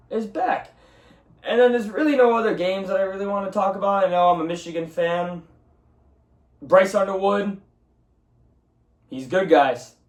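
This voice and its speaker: Heated young man ranting in echoey room. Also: fairly high pitch. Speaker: sports podcast host. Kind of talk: casual solo commentary. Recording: roomy echo, distant mic.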